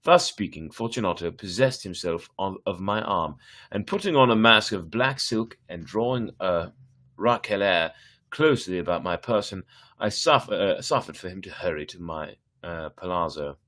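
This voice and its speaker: A man with a lowish voice reads a classic tale aloud on a live stream. He goes at an unhurried pace and sometimes stumbles and corrects himself. The reading is plain and steady. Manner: unhurried reading with small slips and self-corrections. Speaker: story reader.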